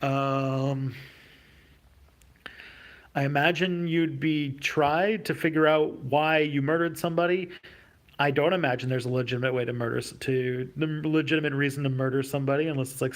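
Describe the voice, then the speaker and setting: A man's voice: mid-range voice, fairly even intonation, a little fast. A man hosting a livestream, reading out viewer questions and answering them off the cuff, with a hesitant delivery full of fillers and restarts. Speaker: YouTube host.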